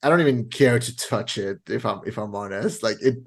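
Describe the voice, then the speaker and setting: A man co-hosting a podcast, chatting casually about a film and retelling its scenes in animated, rapid bursts. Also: fairly low pitch. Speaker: podcast co-host. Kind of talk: casual movie review chat.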